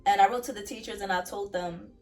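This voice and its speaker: Young woman, earnest personal testimony, mid pitch, mic set back a bit. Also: steady tone, fast, distant mic, faint music behind. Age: young adult. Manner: earnest, repeats phrases for emphasis. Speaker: vlogger sharing her faith testimony.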